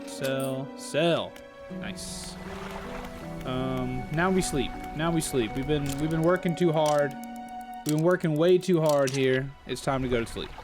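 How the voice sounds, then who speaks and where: Animated man narrating a game. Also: mid-range voice, slow pace. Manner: animated, exclaiming, reads text aloud. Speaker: gaming channel host. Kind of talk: let's play commentary. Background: game music.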